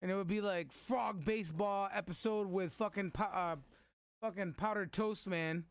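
Laid-back male co-host, high voice, cusses constantly. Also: moderate pace, clear, resonant tone, no room sound. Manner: profane, laid-back, laughs easily. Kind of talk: casual chat among friends.

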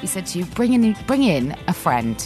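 A woman hosts a casual chat show with a bubbly, teasing manner. Her voice sits low but swings widely in pitch. Music plays clearly underneath. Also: very animated, normal speed, a little mellow. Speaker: host. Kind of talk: light chat show hosting.

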